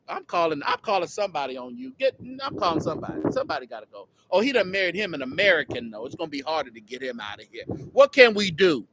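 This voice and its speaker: A man hosting a casual livestream outdoors, mocking and teasing someone in an animated way. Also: high-pitched. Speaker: host.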